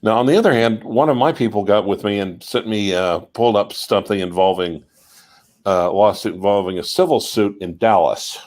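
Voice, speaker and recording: A man chatting on a livestream, calmly recounting what he has heard. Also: on the low side, normal speed. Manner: easygoing storyteller, relaxed. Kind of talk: casual livestream chat.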